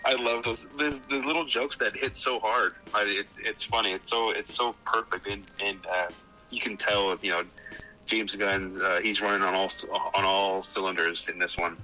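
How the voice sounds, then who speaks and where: Bright-toned man chatting about a film. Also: on the low side, normal speed, faint music behind, rough recording. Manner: relaxed, rambling, frequent fillers and restarts. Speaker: podcast co-host. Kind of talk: casual film discussion.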